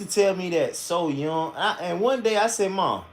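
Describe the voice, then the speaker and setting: A man streaming a live reaction, telling blunt, profane stories in a casual and animated way. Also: on the high side, moderate pace, hardly any pauses, a little hiss or hum.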